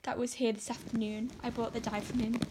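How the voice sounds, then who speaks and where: A woman's voice: fairly high pitch, level tone, a little fast, noisy background, close to an everyday voice. A woman voicing a dramatic, despairing young orphan girl who pleads and exaggerates. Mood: pleading. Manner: melodramatic, pleading.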